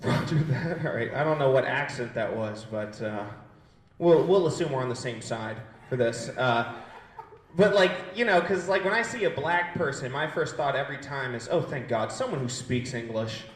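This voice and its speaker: A stand-up comedian in his twenties does a brash, profane set and riffs with the crowd in a gallery space used as a comedy stage. His mid-range voice is expressive and at normal speed, and the sound is roomy.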